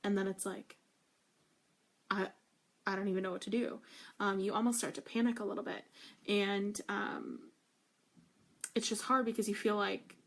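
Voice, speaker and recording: A woman's voice: mid-range voice, level tone, normal speed, gravelly, pauses often. A young woman talking in a casual devotional vlog, gushing and emphatic, with many fillers and restarts. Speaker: faith vlogger.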